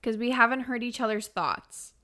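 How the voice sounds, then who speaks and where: Bright, cheerful woman co-hosting a podcast. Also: on the high side, normal speed. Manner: cheerful, chatty, laughing easily. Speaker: podcast co-host. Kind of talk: casual chat.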